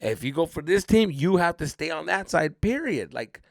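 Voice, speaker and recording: A man's voice: moderate pace, vocal fry, dry recording, clean studio sound. A man hosting a comedy podcast, telling a story casually and profanely, with Spanish slang mixed in. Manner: animated, acts out quoted people in high voices.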